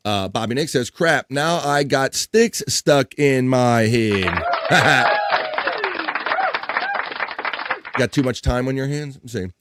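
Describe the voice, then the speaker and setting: A man hosting a live stream, reading offbeat news and chat comments aloud in a jokey, animated way. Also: medium pitch, normal speed, few pauses. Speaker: live-stream show host. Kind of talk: casual news read and chat.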